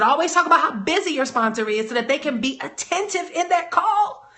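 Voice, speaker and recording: Bright, high-voiced energetic woman coach. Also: fairly quick, hardly any pauses. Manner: energetic, emphatic, rallying the audience. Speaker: network marketing coach. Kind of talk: live motivational training talk.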